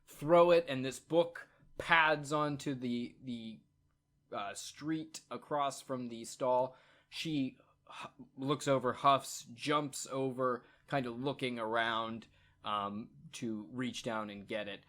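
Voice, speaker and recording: A man narrating a tabletop game as game master, in a casual, halting way with many fillers. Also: medium pitch, fairly even intonation, fairly bright tone.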